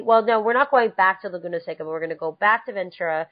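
Brief: woman podcast host, lively and casual, dead-dry lo-fi sound. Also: on the low side, fast talker, hardly any pauses, no room sound. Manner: breezy, animated, laughing easily. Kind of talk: casual chat.

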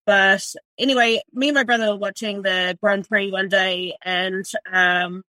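A woman's voice: mid-range voice, fairly even intonation, measured pace, bright, forceful tone, no room sound. A woman in her forties from New Zealand, with a New Zealand accent, telling her story as a chef in a blunt, swear-filled, casual way, full of "like". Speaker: chef and restaurant owner.

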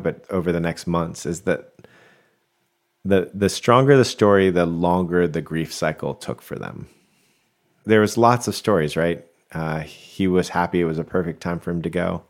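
A man co-hosting a podcast as a coach, talking in a reflective, rambling way with many restarts. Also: low-pitched. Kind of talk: casual podcast conversation.

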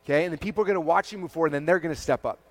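A man delivers a rapid-fire motivational keynote to a live audience. His voice sits slightly high for a man, and he fills it with "like" and frequent "okay?" and "right?" check-ins. The sound is dry and close. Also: dry recording. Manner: heavy use of "like" as a filler. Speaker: speaker presenting to a live audience.

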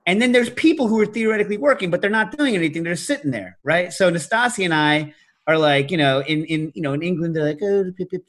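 A middle-aged man hosting a podcast, telling stories in a casual, animated way and breaking into loud shouted impressions. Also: sits high. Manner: animated storytelling, mimics loud New York shouts. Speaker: podcast host. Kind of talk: casual chat.

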